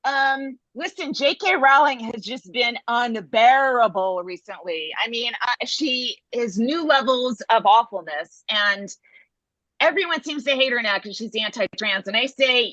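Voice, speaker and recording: Brash high-voiced woman comic. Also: unhurried, bright, forceful tone, dry recording, highs cut off. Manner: brash, punchy joke delivery. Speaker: stand-up comedian. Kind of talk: stand-up comedy bit on a video call.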